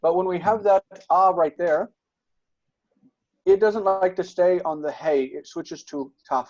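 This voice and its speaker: A man's voice: sits high, measured pace, darkish tone, dull audio. A man tutoring Biblical Hebrew grammar, patient and explanatory, checking in often with his students. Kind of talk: online tutoring session.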